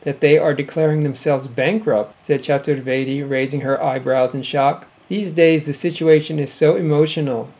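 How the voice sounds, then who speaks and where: A man hosting a community radio show, reading a news article aloud in a measured, formal way. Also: on the high side, fairly even intonation, a little mellow. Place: radio studio.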